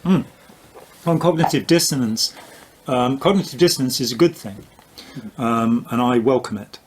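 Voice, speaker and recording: A man's voice: medium pitch, normal speed, slight background noise. An older man, an author and commentator, explaining ideas in a casual conversational debunking with dry, wry jokes.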